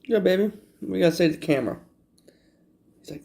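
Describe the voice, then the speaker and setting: A man's voice: high-pitched, fairly quick, vocal fry, warm tone. A man casually filming his cats at home on a camera on a tripod. He talks playfully, swears freely and coos at them in baby talk. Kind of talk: casual livestream chat. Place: indoors at home. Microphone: phone or camera on a tripod.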